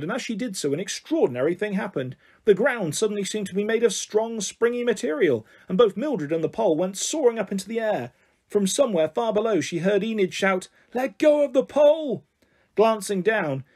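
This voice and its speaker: A man reading a children's story aloud as a storyteller, in a calm, measured way. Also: sits high, slightly rough.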